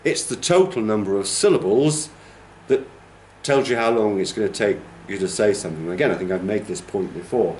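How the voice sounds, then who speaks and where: A man's voice: on the low side, animated, fairly quick, darkish tone, reverberant, a little hiss or hum. A male teacher trainer giving a classroom lecture, explaining patiently and checking in with "okay?". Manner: demonstrates rhythms by humming and counting.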